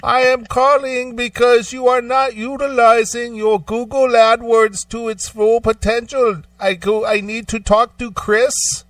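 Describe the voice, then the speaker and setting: A man's voice: very high voice, flat delivery, no room sound, recorded from a distance, pitched above the performer's own voice. A man putting on a pushy Indian-accented telemarketer. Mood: pushy, friendly. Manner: slow, sing-song, keeps saying "my friend". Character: overly friendly male telemarketer, pushy.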